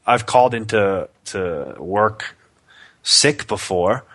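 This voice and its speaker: A man's voice: fairly low pitch, lively intonation, slow pace, fairly bright tone, no room sound. A man with a cold and a nasal voice, co-hosting a casual chat and joking at his own expense. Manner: joking, self-deprecating. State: sick with a nasal voice. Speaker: podcast co-host.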